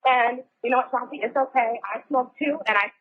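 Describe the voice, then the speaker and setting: A woman's voice: a little high, steady tone, a little fast, phone-quality sound. A woman caller leaving a rambling voice message while walking, slightly out of breath.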